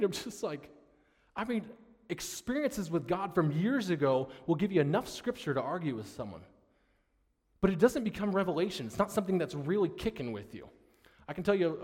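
Impassioned preacher man, echoey hall. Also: a little high. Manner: impassioned, swinging from loud declarations to hushed storytelling. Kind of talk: sermon.

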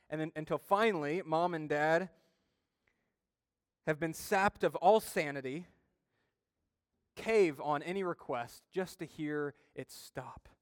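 A man's voice: a little high, dry recording, clean studio sound, in a large hall. A male pastor preaching a sermon, emphatic and building intensity as he retells stories.

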